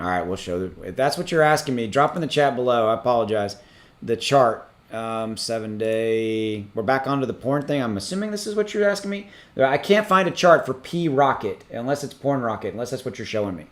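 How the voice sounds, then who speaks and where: A man's voice: medium pitch, lively intonation. Guy rambling thru a livestream, lots of ums and false starts, reading chat. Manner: rambling, halting, many ums and restarts. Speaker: crypto livestream host. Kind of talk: casual livestream chat reading super chats.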